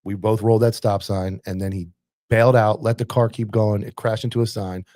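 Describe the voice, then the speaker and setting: A man in his forties, a police officer hosting a casual chat, telling animated stories about the job with swearing. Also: lowish voice, a little fast, no room sound. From Florida. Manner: swearing, animated war stories with acted quotes. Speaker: podcast host and police officer.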